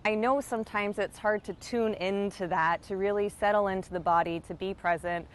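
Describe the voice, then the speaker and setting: A woman hosting a self-help video, talking casually and playfully to her viewers and slowing into a calm, guiding cadence for mindfulness prompts. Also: medium pitch, clean tone. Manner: chatty and playful, with swearing and light laughter. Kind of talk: casual direct-to-camera talk with guided mindfulness.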